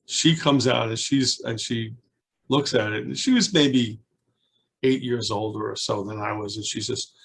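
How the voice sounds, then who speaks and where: A man in his seventies reminiscing in an oral history interview, a lively storyteller who rambles with restarts and acts out children's voices. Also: medium pitch, unhurried, creaky, slight background noise. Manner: rambling with frequent restarts and asides. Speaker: alumnus being interviewed.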